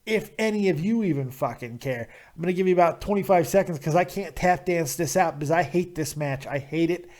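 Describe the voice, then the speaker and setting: A man's voice: a little high, fairly quick, few pauses, darkish tone. A man hosting a call-in wrestling show, ranting crudely and sarcastically about the matches. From Nevada, USA. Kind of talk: profane call-in wrestling commentary.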